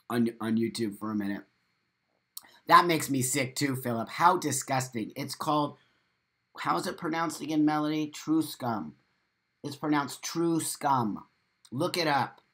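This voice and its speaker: A man hosting a live morning stream, reading viewer comments aloud and reacting to them with emphatic, profane, repetitive talk. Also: mid-range voice. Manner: animated, with sudden loud exclamations. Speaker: host of a live morning show.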